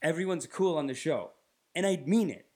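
A man from Canada tells loose, rambling comic stories on his podcast. His voice sits a little higher than most men's. He swears casually and acts out bits as he goes. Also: moderate pace, darkish tone. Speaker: podcast host. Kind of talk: casual comedic storytelling.

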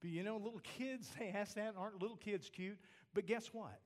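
A male pastor preaching a sermon, swinging between animated points and quiet asides, often checking in with "okay?". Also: sits high, normal speed. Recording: long reverb of a large hall.

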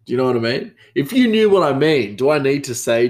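In a casual storytelling monologue, a man hosting a podcast tells rambling work stories with plenty of restarts. He speaks quickly at a medium pitch, with big pitch swings and a slightly mellow quality.

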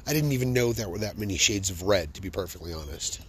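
A man hosting a podcast, telling funny personal stories in an animated, joking, self-amused way. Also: deep voice, quick pace, breathy edge. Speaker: podcast host. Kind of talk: comic personal storytelling.

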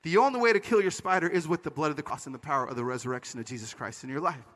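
A man giving a conference talk, telling stories in an animated, comic way. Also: on the high side, rapid-fire. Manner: animated, comic, acts out voices. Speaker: conference speaker. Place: conference stage. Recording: large hall reverb.

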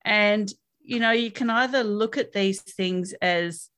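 A woman's voice: medium pitch, moderate pace, hardly any pauses, a bit bright, clear, resonant tone. A woman with an Australian accent, a podcast guest, answering interview questions in a frank, upbeat way with small laughs.

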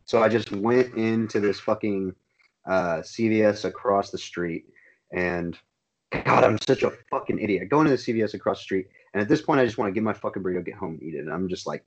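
Young guy venting on a podcast, lots of swearing, low-ish voice, kinda dull lo-fi sound. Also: fast. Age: young adult. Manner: profane, ranting, laughs often. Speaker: podcast co-host. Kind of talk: casual chat.

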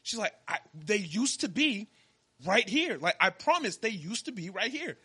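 A man's voice: high-pitched, big pitch swings, moderate pace, sharp tone, slightly rough. A young man, a podcast co-host, telling a story in casual chat and acting out the dialogue with animation.

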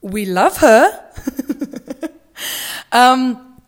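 A woman's voice: fairly high pitch, animated, drawn-out words. A young woman from South Africa hosting a solo podcast, chatting casually with dramatic rants and plenty of filler words. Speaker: podcast host.

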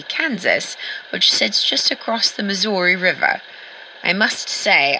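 A woman's voice: on the low side, pushed and bright, slight background noise, heavily acted, poor audio. A woman playing a chipper 1940s radio host who tours towns and gives fashion advice in a chatty, enthusiastic, slightly theatrical way.

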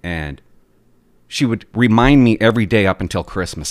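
A man talking straight to his viewers in an exasperated, animated way, ranting about his pet peeves and telling stories. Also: on the low side, normal speed, no room sound. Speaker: vlogger. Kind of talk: casual ranting monologue.

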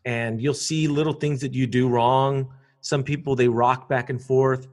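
A man, a public speaker chatting casually in an interview, animated and quick to repeat words. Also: mid-range voice.

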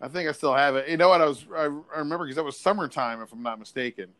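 A man's voice: a little high, rapid-fire, fairly bright tone, dry recording. A man hosting a podcast in casual, profane, joking chat. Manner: profane, joking, laughs often. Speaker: podcast host.

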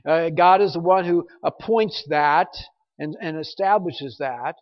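A man's voice: on the high side, unhurried. A man preaching a verse-by-verse sermon, emphatic and prone to repeating words as he stresses a point. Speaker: pastor. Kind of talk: expository sermon. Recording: muffled recording in a reverberant hall.

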